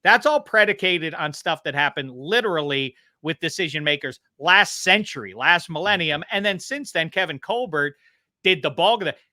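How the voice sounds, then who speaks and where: A man from the Pittsburgh area sits in as a podcast guest, talking through football in a rambling, animated way. His voice is bright and fairly high for a man. It is recorded close and dry, with no room sound. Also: moderate pace, no echo. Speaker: guest commentator. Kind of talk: casual podcast chat.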